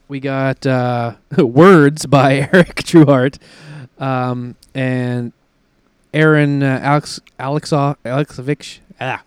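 A man's voice: mid-range voice, clean tone, dry recording, studio quality. A man co-hosting a casual comics show, retelling a plot in a rambling way with frequent laughs. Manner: rambling, laughs often, fillers while retelling plots. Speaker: podcast co-host reviewing comics. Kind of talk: casual chat.

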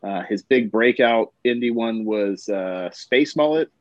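A man's voice: on the low side, expressive, measured pace, no echo, lo-fi sound. A man co-hosting a comics podcast, chatting enthusiastically in a casual style. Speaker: podcast co-host. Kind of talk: casual chat.

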